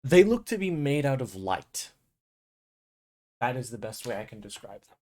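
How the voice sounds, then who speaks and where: A woman runs a tabletop game, laying out each scene in measured, descriptive narration. Her voice sits unusually low for a woman. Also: sing-song, dark tone. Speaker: game master.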